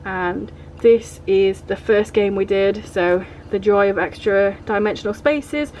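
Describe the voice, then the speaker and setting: A woman's voice: medium pitch, unhurried, darkish tone, slight background noise. Chatty woman flipping through her journal. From England. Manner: chatty, rambling, uses filler like "like" and "vibe". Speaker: vlogger. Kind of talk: casual journal flip-through.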